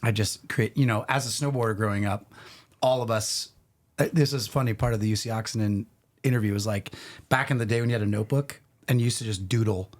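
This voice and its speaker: Middle-aged guy on a podcast, telling a story all animated and rambly. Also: on the low side, quick pace. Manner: animated, rambling anecdotes with restarts. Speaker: podcast guest. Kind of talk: casual storytelling.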